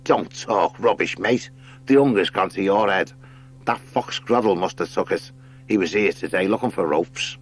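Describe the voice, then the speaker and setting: A surly vermin crewman who sneers at everything, as a male reader puts him on. The voice sits slightly above his usual low register and carries a dismissive edge. A storybook creature. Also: moderate pace, breathy edge. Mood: sneering. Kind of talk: audiobook character voice.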